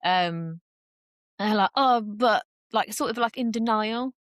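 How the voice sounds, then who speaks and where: A woman's voice: mid-range voice, normal speed, dry recording, studio quality. A young woman talking openly as a podcast guest, chatty and full of fillers, acting out the voices she quotes. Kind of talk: casual conversation.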